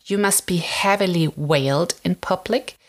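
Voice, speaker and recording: A woman's voice: lowish voice, normal speed. A woman hosting a podcast, telling old film history in a chatty, casual way, often saying "like" and stressing words with animation. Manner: chatty, frequent "like" fillers, animated emphasis. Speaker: podcast host.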